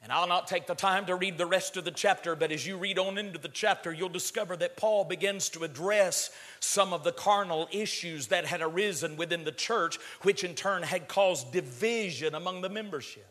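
High-pitched bright-voiced preacher man. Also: moderate pace, hardly any pauses. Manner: swings from low murmur to shouted climaxes; stretches words for emphasis. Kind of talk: sermon. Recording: long hall reverb.

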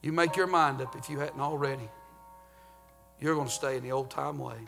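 A man preaching a sermon as pastor, swinging from sung, shouted climaxes down to low, hushed warnings. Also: steady tone, brisk, creaky, soft background music. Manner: fervent preaching, rising to chanted shouts then dropping low.

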